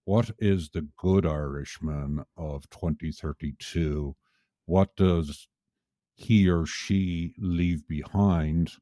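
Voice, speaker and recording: Slow, deep-voiced male interviewer. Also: dark tone, no room sound, studio quality. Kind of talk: interview questions.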